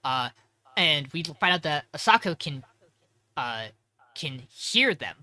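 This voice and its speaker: A man's voice: a little high, big pitch swings, slow pace, sharp tone, no room sound. A man co-hosting a podcast, recapping an episode in a rambling, profane way that keeps correcting itself. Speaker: podcast co-host.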